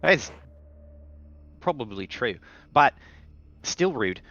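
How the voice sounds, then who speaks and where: A man's voice: medium pitch, very animated, slow pace, pushed and bright, no echo, highs cut off, exaggerated voice. A man voicing a nervous, earnest young hacker who rambles and hesitates, in a tabletop game. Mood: flustered.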